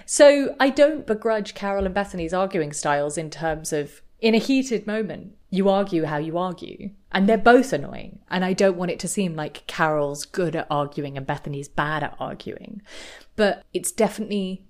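A woman's voice: fairly low pitch, lively intonation, moderate pace, a little mellow. A woman co-hosting a podcast, chatting casually and animatedly, often laughing and acting out quotes. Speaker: podcast co-host. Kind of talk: casual chat.

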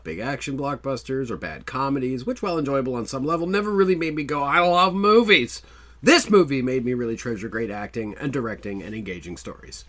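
A man co-hosting a movie podcast, bantering playfully with mock outrage. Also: fairly high pitch. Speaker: podcast co-host. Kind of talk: casual chat.

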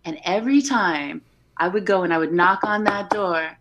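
A woman guest on a podcast, chatting casually and telling lively stories, often laughing and acting out what people said. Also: lowish voice, moderate pace. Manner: animated storyteller, laughs often, acts out quotes. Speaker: podcast guest, haunt performer. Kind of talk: casual interview chat.

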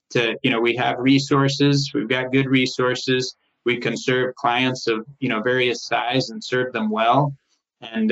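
A middle-aged man, an accounting firm manager, telling workplace stories in an interview, animated and quick to quote others in a raised voice. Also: creaky. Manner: animated, rises in pitch when quoting others, frequent restarts. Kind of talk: conversational storytelling interview. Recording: slightly muffled, lo-fi sound.

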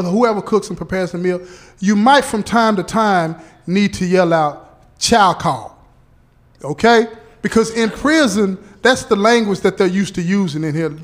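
A man playing a parole officer who explains things slowly and deliberately, checking in often with "okay?" and "right?". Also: high voice. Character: patient male parole officer briefing a relative.

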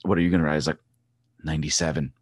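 A man in his forties, a former track cyclist, chatting as a podcast guest and telling rambling, animated stories with many restarts. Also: deep voice, moderate pace, a little hiss or hum. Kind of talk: casual chat.

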